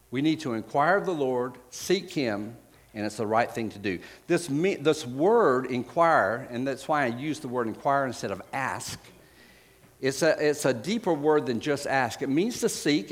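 A man preaching a sermon, retelling scripture stories in a casual, conversational way, pausing with fillers and correcting himself as he finds verses. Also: medium pitch, in a large hall. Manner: frequent fillers and self-corrections while finding verses.

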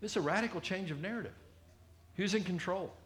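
A man preaching a sermon in a conversational, animated way, often acting out the people he quotes. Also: high-pitched, fairly quick, reverberant.

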